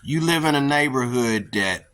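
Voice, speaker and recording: A man's voice: mid-range voice, expressive, normal speed, fairly bright tone. A man hosting a rambling opinion show, talking emphatically and preachily and often repeating himself. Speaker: podcast host.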